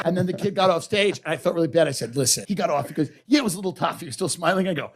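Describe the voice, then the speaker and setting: A male comedian telling an animated anecdote, acting out voices as he goes. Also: on the high side, racing. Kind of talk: comedic storytelling.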